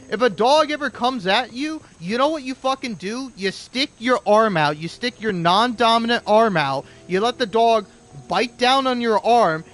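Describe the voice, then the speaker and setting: A man's voice: sits high, a bit bright. A young man giving a rambling, profane, sarcastic commentary while playing a video game. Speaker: gaming commentator. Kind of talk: casual ranting gameplay commentary.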